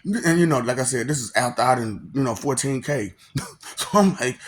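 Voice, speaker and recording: Man, rambling monologue, laughs a lot, profane, loud then muttering. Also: medium pitch, animated, normal speed. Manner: makes mouth sound effects. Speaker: monologue host.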